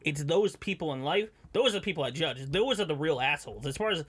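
A man's voice: on the high side, expressive, fast talker, a bit bright, husky. A man co-hosting a casual podcast, telling stories from his car sales days and laughing often. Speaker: podcast co-host.

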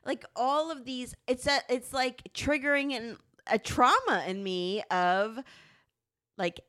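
A woman's voice: a little high, takes it slowly, dry recording. A woman co-hosting a candid couple's podcast, talking animatedly and swearing freely as she acts out her partner's lines. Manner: animated, profane, acts out quotes. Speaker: podcast co-host.

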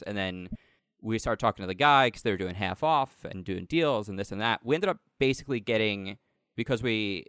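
A man with a smooth, resonant voice chatting casually on a podcast. He rambles through his story, leaning on "like" and "um." His voice sits a little low and sounds close and dry. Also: fairly quick, a bit bright, no room sound. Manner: rambling, heavy use of "like" and "um". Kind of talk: casual chat.

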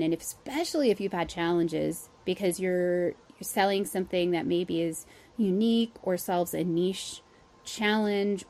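A woman's voice: mid-range voice, warm tone. A woman hosting an interview, speaking reflectively and feeling her way through her words with frequent restarts. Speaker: podcast host. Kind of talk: casual interview conversation.

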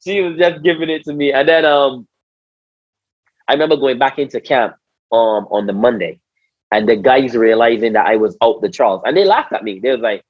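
A man from Barbados with a Barbadian accent, a former cricketer telling stories in a casual conversation, animated, slangy and repeating his words. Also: mid-range voice, moderate pace, husky, no room sound, lo-fi sound. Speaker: interview guest, former cricketer.

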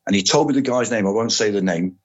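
Husky older man telling stories. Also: fairly low pitch. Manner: unhurried, matter-of-fact anecdotes. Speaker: podcast guest, former soldier and police officer. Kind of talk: casual storytelling. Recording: dull lo-fi audio.

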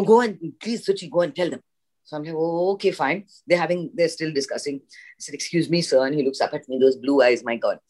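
A woman from India, an actress, telling an animated story in a casual interview, acting out the dialogue. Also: deep voice. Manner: animated anecdote with acted-out dialogue and laughs. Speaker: guest actress.

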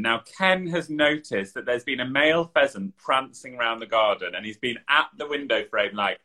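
Brief: chatty male podcast co-host, bright tone, middle pitch. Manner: chatty storyteller, quick quips. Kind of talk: casual podcast chat.

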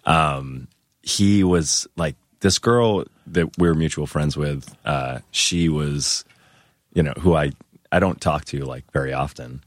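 Male guest, 30s, extremely low and mellow, rambling casual storyteller, dry mic. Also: takes it slowly, no room sound. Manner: soothing, mellow, rambling with many fillers. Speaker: podcast guest, musician.

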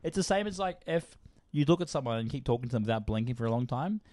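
A young man co-hosting a podcast in loose, casual chat. He swears a lot, laughs easily and rambles through his stories in a mid-pitched voice. The recording is dry and close, with no room sound. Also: expressive, fast, warm tone, no echo. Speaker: podcast co-host.

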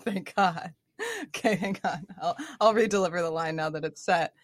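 A woman's voice: on the low side, normal speed, no room sound, clean studio sound. A woman player in a casual tabletop game, playful and giggly as she argues her moves.

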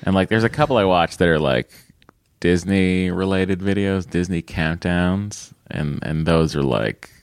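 A man's voice: deep voice, measured pace, smooth, dry recording, studio quality. A man from New England co-hosting a podcast in casual chat, joking and rambling with self-deprecating asides. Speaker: podcast co-host.

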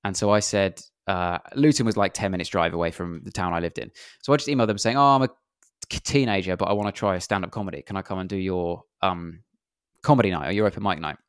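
Young English male comedian, low voice, dry sound, self-deprecating storyteller. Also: fast, clean tone, no echo. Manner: self-deprecating, rambling anecdotes. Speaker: comedian guest. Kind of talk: casual interview chat.

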